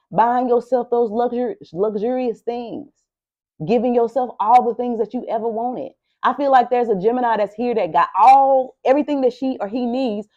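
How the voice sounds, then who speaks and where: A woman's voice: on the high side, dark tone, muffled recording. A woman giving a tarot reading. She talks emphatically and repeats herself, preaching to her listener. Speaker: tarot reader.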